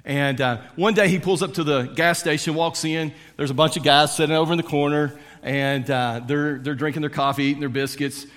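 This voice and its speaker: Conversational preacher in an echoing hall. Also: male voice, a little high, fairly even intonation, brisk, hardly any pauses, a bit bright. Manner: conversational, with frequent fillers. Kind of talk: storytelling sermon.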